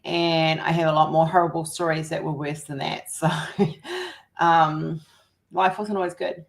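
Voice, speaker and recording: A woman's voice: deep voice, level tone, moderate pace, gravelly. A woman from New Zealand with a New Zealand accent, chatting casually on a livestream, rambling and laughing often. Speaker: livestream host. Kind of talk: casual chat.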